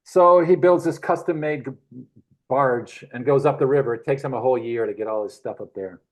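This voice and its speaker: A man's voice: mid-range voice, brisk, low-quality recording. Chuckling man spinning rambling stories. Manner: animated, chuckling, rambling anecdotes. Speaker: guest. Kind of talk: casual storytelling.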